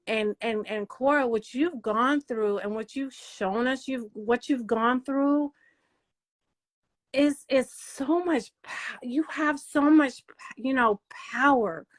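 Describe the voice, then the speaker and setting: A woman hosting her own channel, speaking slowly in a halting, emotional monologue full of fillers and restarts. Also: high-pitched. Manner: halting, repetitive, many fillers. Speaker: channel host.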